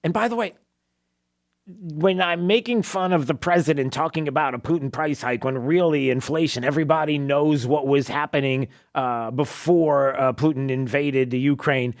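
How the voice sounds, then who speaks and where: A man's voice: a little high, fairly even intonation, moderate pace. Sarcastic talk radio host, man. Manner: sarcastic, mocking, laughs often; many fillers and restarts. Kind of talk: opinionated talk radio commentary.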